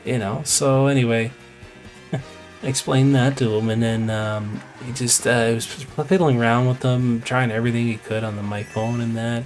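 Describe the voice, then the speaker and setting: A man's voice: medium pitch, fairly even intonation, normal speed, darkish tone, faint music behind. A man live-streaming a game, telling a long rambling story in casual chat. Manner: rambling, retells conversations at length. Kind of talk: casual storytelling while gaming.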